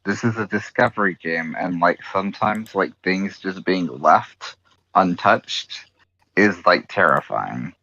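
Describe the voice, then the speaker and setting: A man's voice: deep voice, expressive, unhurried, pushed and bright, muffled recording. A man chatting casually on a stream voice call, rambling and teasing his friends. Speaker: co-host on a stream. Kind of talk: casual group chat over voice call.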